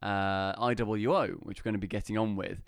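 A man's voice: lowish voice, fairly quick, clean tone, dry recording, studio quality. A man co-hosting a podcast, chatting casually and jokingly, laughing often. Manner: jokey, animated, laughs often. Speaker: podcast co-host. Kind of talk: casual chat.

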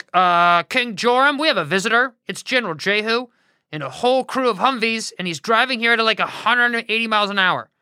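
A woman's voice: on the high side, lively intonation, brisk, pushed and bright, smooth, dry recording, studio quality, pitched above the performer's own voice. A woman voicing a bored young male gate guard who talks in an easygoing, slangy way. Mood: chatty.

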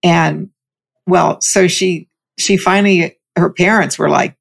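Gravelly-voiced woman telling a story. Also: on the low side, fairly even intonation, slow. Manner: frequent restarts and repeated words. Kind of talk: casual conversational storytelling.

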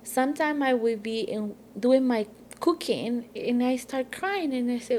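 Higher-voiced woman testifying. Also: normal speed, hardly any pauses, slight background noise. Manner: warm, emphatic storytelling with frequent affirmations. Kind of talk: faith conversation.

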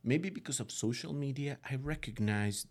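Gravelly-voiced middle-aged man, non-native speaker. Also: medium pitch, moderate pace. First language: not English. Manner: earnest, rambling, with many fillers and restarts. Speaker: guest, father of three teenage boys. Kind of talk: casual interview chat.

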